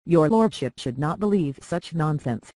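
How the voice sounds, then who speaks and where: A reader giving voice to a soft-spoken young highborn girl from a storybook, measured and soothing. The tone sits at an even middle pitch, recorded close and dry. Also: dry recording, close to an everyday voice, poor audio. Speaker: lady tending a young lord. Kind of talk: audiobook character reading.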